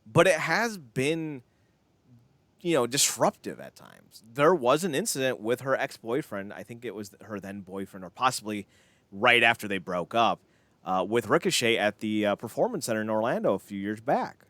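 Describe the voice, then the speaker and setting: A man co-hosting a casual wrestling podcast, ranting in an animated, sarcastic way with frequent swearing. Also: medium pitch, moderate pace, dry recording. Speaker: podcast co-host.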